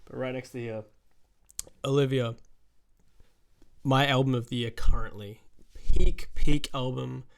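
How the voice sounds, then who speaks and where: A man's voice: mid-range voice, steady tone, measured pace, creaky, pauses often, clear, resonant tone. A man with an Australian accent giving casual music reaction commentary, rambling and swearing, with plenty of "like" and "um".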